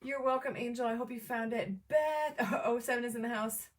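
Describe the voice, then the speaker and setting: A woman hosting a live crafting demo from home, chatting with viewers by name in an excitable, chatty way. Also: fairly high pitch, moderate pace, distant mic. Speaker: crafting livestream host. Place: home craft table, camera on tripod.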